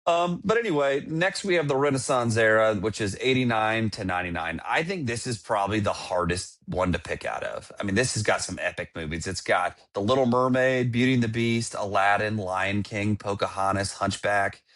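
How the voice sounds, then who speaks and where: A man's voice: on the low side, moderate pace, few pauses, fairly bright tone. A man in his thirties, co-hosting a podcast, chatting enthusiastically and rambling. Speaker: podcast co-host. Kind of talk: casual chat.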